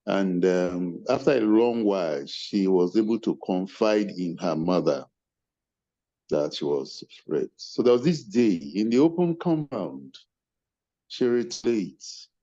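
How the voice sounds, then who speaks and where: A man's voice: deep voice, expressive, dark tone. An older man gives earnest closing remarks as a webinar convener, speaking over a video call. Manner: earnest, measured, thanks attendees by name. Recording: muffled video-call audio.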